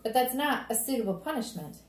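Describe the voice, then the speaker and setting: A woman's voice: fairly high pitch, expressive, a little fast, voice pushed up, close to an everyday voice. A woman voicing a sensible, stern grown woman in a storybook reading. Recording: roomy echo.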